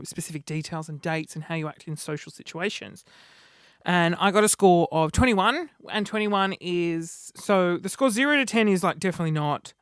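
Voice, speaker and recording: Man, 30s, vlogger; high, dramatic, self-deprecating chatter, dry recording. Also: a bit bright, smooth, no room sound. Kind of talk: casual chat to camera.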